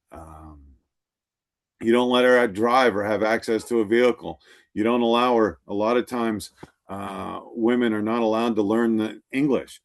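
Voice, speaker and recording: Middle-aged man, instructor, classroom lecture, storytelling, acts out quoted lines. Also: lowish voice.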